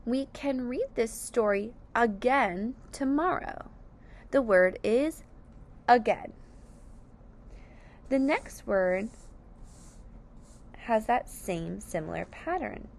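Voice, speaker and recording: A woman's voice: on the high side, animated, takes it slowly, vocal fry, pauses often. A woman teaching a phonics lesson, sounding out each word syllable by syllable with careful, over-enunciated speech. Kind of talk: slow, deliberate phonics lesson.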